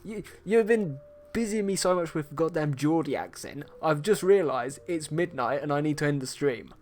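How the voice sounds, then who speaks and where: A man's voice: fairly high pitch, animated, moderate pace, darkish tone, a little hiss or hum. A man from England, chatting casually with his livestream viewers, teasing and swearing with a laugh. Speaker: streaming artist.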